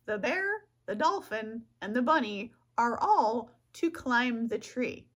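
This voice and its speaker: A woman's voice: on the high side, animated, slow. A woman vlogger chatting casually outdoors, rambling, giggling and tripping over her words. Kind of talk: rambling casual vlog talk.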